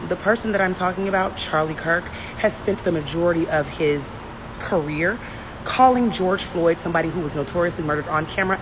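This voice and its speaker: Lowish woman's voice, sarcastic and dismissive, clear noise behind her. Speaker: social media commentator. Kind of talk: vlog commentary. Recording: noisy background hiss.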